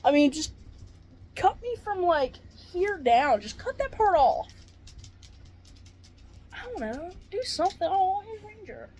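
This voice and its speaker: A woman who is a retired paramedic, in pain and venting to camera with swearing and dark jokes. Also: extremely high pitch, big pitch swings, measured pace, pauses often, slight background noise. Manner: swearing, exasperated, darkly joking.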